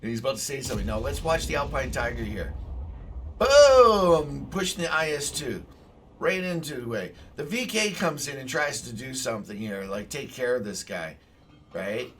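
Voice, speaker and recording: A man giving casual commentary over his own gameplay, excitable, swearing and bursting into shouts. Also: medium pitch, brisk, distant mic, slight background noise.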